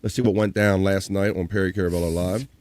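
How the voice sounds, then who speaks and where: A man's voice: deep voice, fairly even intonation, fast, a little mellow, no room sound. A man hosting a live stream, recapping in a rambling, casual way with fillers. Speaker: host.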